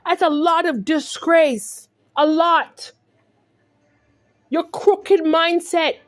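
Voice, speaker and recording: A California vlogger with an extremely high voice rants angrily at the camera, speaking very slowly. She's confrontational and repetitive, peppering everything with "right?".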